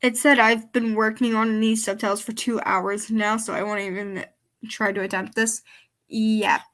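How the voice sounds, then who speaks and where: Southern country lady, kinda high voice, just rambling and explaining stuff while she reacts to her clips. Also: level tone, moderate pace, a bit bright. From American South, countryside. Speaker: YouTuber reacting to her own videos. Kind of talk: casual reaction commentary.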